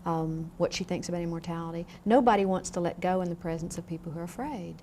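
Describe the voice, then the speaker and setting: A woman lecturing a class on grief in a frank, lively way, often asking the room questions. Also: on the low side, fast talker, slight background noise. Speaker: grief educator. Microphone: on camera, room mic.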